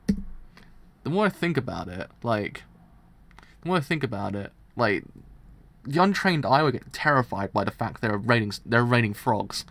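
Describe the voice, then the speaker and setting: A man giving live reaction commentary as a streamer reacting to a manga, rambling excitedly and laughing. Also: medium pitch, moderate pace, gravelly, long pauses.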